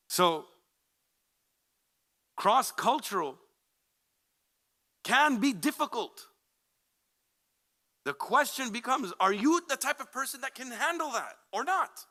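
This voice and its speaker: A man, addressed as Sheikh, giving casual, animated advice to a young audience, acting out quoted people with jokes. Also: very high-pitched, slow pace, long pauses. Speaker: Islamic speaker answering questions.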